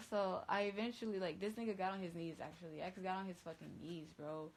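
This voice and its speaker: A woman's voice: lowish voice, steady tone, a little fast, low-quality recording. A woman DJ telling a story in casual, profane slang on a phone livestream, rambling with lots of fillers.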